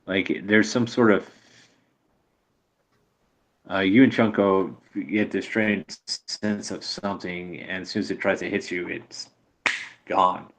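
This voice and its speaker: Brief: low male game master, hesitant, filler-heavy narration. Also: fairly even intonation, vocal fry, fairly bright tone. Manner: halting, many fillers.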